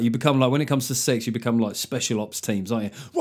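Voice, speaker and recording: Man, comedian podcast host, swearing, quick jokes, lively storytelling, mid pitch. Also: breathy edge. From London. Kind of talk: solo podcast monologue.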